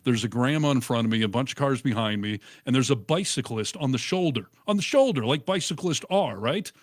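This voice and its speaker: A middle-aged man in casual chat, telling stories with animated, acted-out quotes. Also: mid-range voice, brisk, no echo, clean studio sound. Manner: animated storyteller, acts out quotes. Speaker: co-host.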